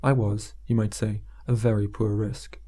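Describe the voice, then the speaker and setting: A man's voice: on the low side, level tone, moderate pace, dark tone, close to an everyday voice. A man voicing a desperate young male insurance salesman who is breaking down, frantic and pleading. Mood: formal.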